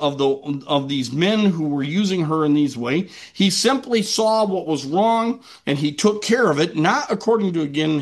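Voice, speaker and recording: A man with a high voice preaches a sermon to his congregation. He talks conversationally, restarts his sentences often, and acts out quoted voices as he explains the passage.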